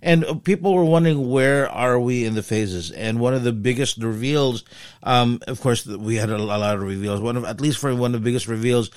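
A man's voice: medium pitch, a little fast, smooth, dry recording, studio quality. A man hosting a casual pop-culture podcast, talking hesitantly with many fillers but in a playful tone. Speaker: podcast host. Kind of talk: casual chat.

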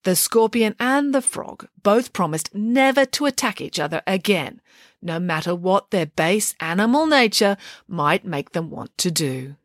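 Female storybook narrator, animated delivery, voices every character, dry close-miked read. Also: mid-range voice, unhurried, no room sound. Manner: lively, switches voices for each character. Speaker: audiobook narrator.

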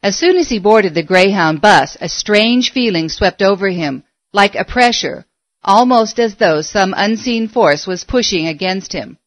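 Woman narrator, steady storybook reading, medium pitch, dry close recording. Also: measured pace, dry recording.

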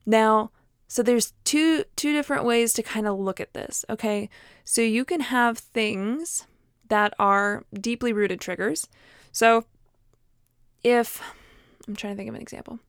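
Frank, chatty woman vlogger; higher voice, close and dry sound, loose and personal delivery. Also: unhurried, clean tone, no room sound. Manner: chatty, many fillers and restarts; frank, personal, laughs at herself. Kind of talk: casual talk to camera.

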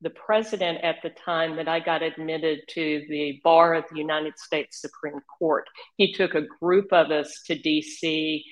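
Older Southern woman with an Oklahoma drawl, slightly low voice, an animated guest who laughs as she tells stories. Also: unhurried, few pauses, rough recording. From Northeast Texas region. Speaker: interview guest. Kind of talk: casual storytelling.

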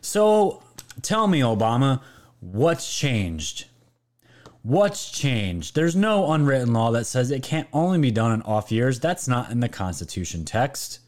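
A man's voice: medium pitch, sing-song, normal speed, a little mellow. A man hosting a political commentary show, reacting to clips with mocking, incredulous asides to his viewers.

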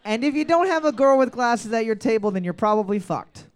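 A man with a high, smooth and resonant voice runs a comedy trivia night. He reads every question twice and fills the gaps with crude, joking banter. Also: lively intonation, fairly quick. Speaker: trivia host.

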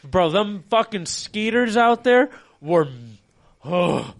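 A man's voice: high voice, expressive, slow pace, vocal fry. A young man in casual chat, telling drinking stories with profane, laughing banter. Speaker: podcast co-host.

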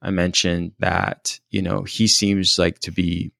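A man with a very low voice full of gravelly fry talks through a personal story. He is thoughtful and hesitant, often pausing and restarting. The recording is dry and close. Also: little pitch movement, sharp tone, no room sound. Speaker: storyteller recounting a personal experience.

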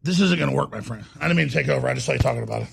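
A man's voice: mid-range voice, racing, creaky, slight background noise. A male co-host bantering and joking with the host in a political talk show.

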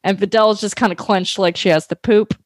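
A woman's voice: medium pitch, steady tone, brisk, no room sound. A woman co-hosting a podcast, casually recapping a cartoon episode in a rambling way with lots of fillers. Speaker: podcast co-host.

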